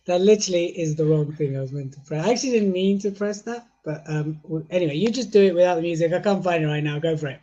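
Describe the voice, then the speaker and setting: A man's voice: fairly high pitch, fast talker, few pauses, warm tone, dull audio. A man hosting a podcast conversation, bantering and joking playfully with his guest and co-host.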